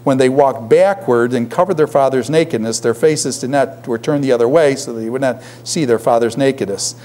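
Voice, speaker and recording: A man's voice: mid-range voice, a little fast, darkish tone. A middle-aged man teaching a class, lecturing and constantly posing questions to his students. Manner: poses frequent questions to the class.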